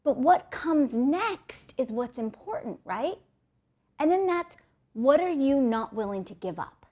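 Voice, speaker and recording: Young woman, motivational speaker, slightly high voice, blunt and swears freely, keeps checking in with "right?". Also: big pitch swings, unhurried, warm tone. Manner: blunt and profane, often tags "right?". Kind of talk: motivational talk.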